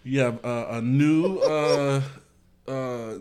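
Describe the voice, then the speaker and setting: A man co-hosting a casual podcast who talks in a halting way, with many fillers. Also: medium pitch, darkish tone, clear, resonant tone. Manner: slow, halting, full of fillers. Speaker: podcast co-host. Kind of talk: casual chat.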